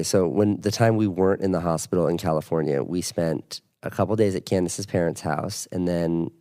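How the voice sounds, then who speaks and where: A man's voice: deep voice, dark tone. A man in his thirties co-hosting a casual podcast chat with his wife, telling rambling, self-mocking stories. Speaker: podcast co-host.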